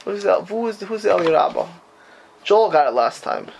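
A man teaches an informal Talmud class with a high, lively voice. He asks his questions with a rising lilt and mixes Hebrew and Yiddish terms into his English. Faint noise sits under the recording. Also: moderate pace, creaky, rough recording.

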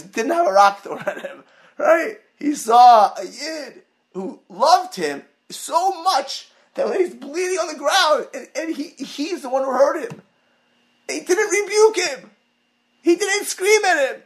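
A man giving a Torah class to his community, telling stories in an animated way with many restarts and Hebrew and Yiddish terms mixed in. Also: very high-pitched, normal speed. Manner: animated storytelling, many restarts, rising to near-shouts. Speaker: rabbi teaching a Torah class.

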